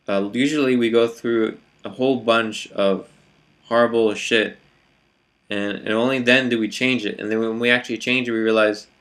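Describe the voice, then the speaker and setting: A man's voice: on the low side, a bit bright. A man vlogging his reflections in a hesitant, casual monologue, full of fillers and restarts.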